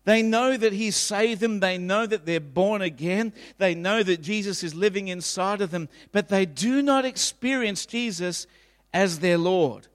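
A high-pitched man in his fifties delivers an emphatic, repetitive sermon as the pastor. His voice rings with the long reverb of a church hall. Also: a little slow. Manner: emphatic, repetitive preaching with acted quotes.

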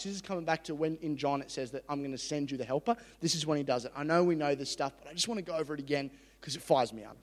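A man preaching a sermon with energetic, jokey, excitable delivery. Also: a little high, quick pace, few pauses, big-room sound.

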